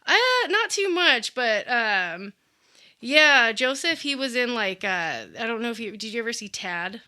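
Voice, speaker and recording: A woman's voice: on the high side, very animated, a little slow, sharp tone. A young woman co-hosting a casual podcast chat, chatty and full of fillers. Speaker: podcast co-host.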